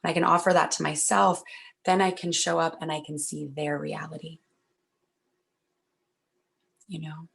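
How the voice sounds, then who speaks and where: Gravelly-voiced woman speaking gently. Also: low-pitched, little pitch movement, moderate pace, pauses often. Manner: gentle, earnest, reassuring. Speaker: workshop speaker. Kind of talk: talk at a virtual event.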